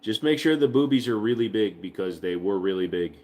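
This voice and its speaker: Man, casual livestream host, low voice, very animated pitch, profane jokes, coos at his dog. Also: fairly quick. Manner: profane, joking, coos in sing-song baby talk to his dog.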